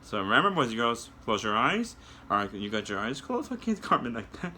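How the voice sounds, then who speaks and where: A man reading a children's yoga story and guiding kids through the poses in a gentle, coaxing way, talking straight to the children. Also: mid-range voice, very animated, a little fast, a little hiss or hum.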